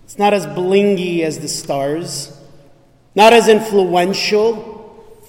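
A man preaching a sermon as a bishop, asking the congregation question after question and dropping to a hush on his key lines. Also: sits high, long reverb tail. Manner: preaching with rhetorical questions, dramatic pauses and sudden drops to a hush. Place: church.

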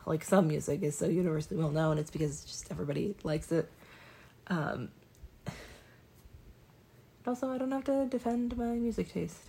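A young woman vlogs to the camera in a casual monologue, rambling and self-deprecating with lots of ums and restarts. Her voice is fairly low, mellow, raspy and creaky, at normal speed with long pauses.

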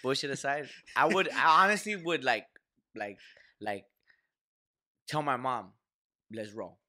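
A man's voice: medium pitch, big pitch swings, a little slow, bright, forceful tone. A young man co-hosting a podcast, telling a rambling, slangy story full of swearing and fillers in casual chat. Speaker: podcast co-host.

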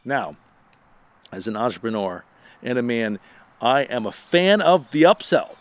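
A man hosting a casual radio show, telling a funny personal story in a lively, self-deprecating way. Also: unhurried, no room sound. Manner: animated, self-deprecating, rises in pitch when excited.

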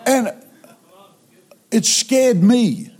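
A man preaching in a church auditorium, telling a funny story with animated delivery and sudden loud outbursts. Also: very high-pitched, very slow. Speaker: traveling preacher. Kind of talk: sermon.

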